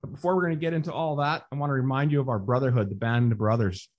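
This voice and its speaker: Rapid-fire and steady in tone, this medium-pitched Canadian man hosts a podcast intro and interview. He speaks motivationally, addressing his audience as brothers.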